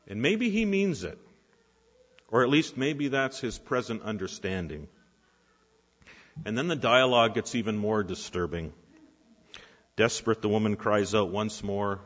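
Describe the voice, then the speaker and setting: A man preaching a sermon in a church, asking rhetorical questions with dramatic pauses. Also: lowish voice, fairly bright tone. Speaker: pastor. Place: church sanctuary. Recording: reverberant hall, dull lo-fi sound.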